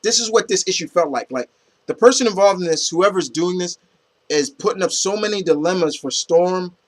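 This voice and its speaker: A young man giving a casual comic book review, rambling with lots of fillers and restarts and casual swearing. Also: on the high side. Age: young adult.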